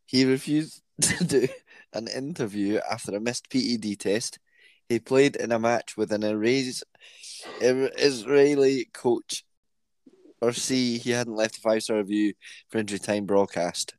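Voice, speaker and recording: Podcast co-host, dry sound. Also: male voice, lowish voice, moderate pace, no room sound. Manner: reads quiz questions with laughs breaking in. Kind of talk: casual podcast chat.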